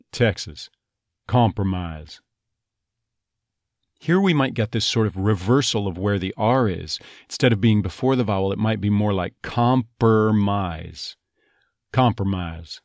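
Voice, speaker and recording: Man coaching accent sounds, low and dry. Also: no room sound. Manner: breaks words into sounds, demonstrating vowels and glides slowly. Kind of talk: phonetics lesson.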